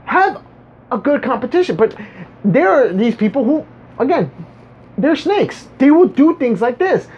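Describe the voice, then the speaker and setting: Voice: high-pitched, sing-song, measured pace, long pauses, darkish tone, husky. A vlogger ranting casually to viewers, rambling and stumbling over repeated words with a sarcastic edge. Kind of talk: casual monologue rant. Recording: dull lo-fi recording.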